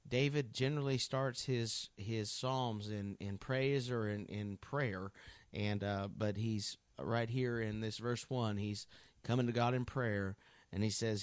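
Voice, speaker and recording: A man's voice: on the low side, no echo. Earnest man teaching scripture. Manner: earnest, folksy, thinking aloud. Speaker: Bible teacher. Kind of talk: conversational Bible teaching.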